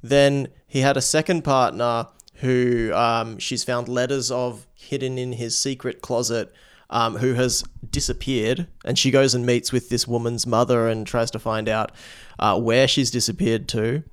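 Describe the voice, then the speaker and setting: A man co-hosting a casual film chat, talking in halting bursts with casual swearing. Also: mid-range voice, flat delivery, clean tone.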